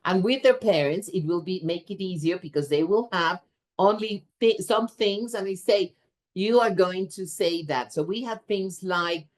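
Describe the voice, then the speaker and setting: Her voice sitting in the mid-range, this teacher trainer runs an energetic workshop for a room of teachers. She speaks with lots of expression and keeps pausing for a brisk "right?"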